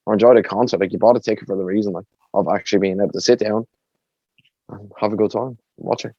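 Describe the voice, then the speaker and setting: A man's voice: on the low side, fairly even intonation, fast talker, dark tone, husky, dry recording, lo-fi sound. A man with an Irish accent, co-hosting a podcast in laid-back casual chat, saying "like" a lot. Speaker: podcast co-host.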